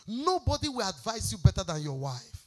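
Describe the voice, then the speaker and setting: A woman's voice: mid-range voice, big pitch swings, brisk. A woman pastor, preaching an emphatic, exhorting sermon.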